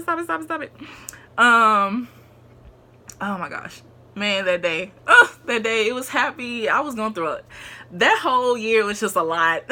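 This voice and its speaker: A woman's voice: sits low, sharp tone, slight background noise. A young woman in her twenties telling a personal story to camera, rambling, with many fillers and restarts. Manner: rambling, with many fillers and restarts, shifting between laughing and tearing up. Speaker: vlogger.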